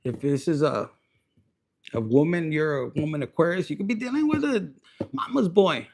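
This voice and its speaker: A man's voice: on the high side, lively intonation, normal speed, creaky, a little mellow. A man giving a loose, profane tarot reading, mixing Spanish into his talk. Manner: profane, rowdy, slips into Spanish. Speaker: tarot reader.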